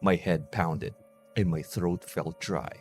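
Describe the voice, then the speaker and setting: Low-voiced man narrating horror. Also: slow, soft background music.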